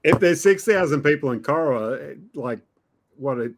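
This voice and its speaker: A man's voice: on the high side, expressive, moderate pace. Laid-back middle-aged man. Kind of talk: casual chat over drinks.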